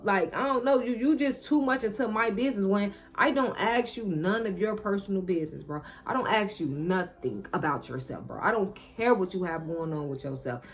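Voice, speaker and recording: A woman telling a personal story straight to her viewers in a casual, animated and profane monologue. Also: medium pitch, a little fast, few pauses. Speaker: vlogger.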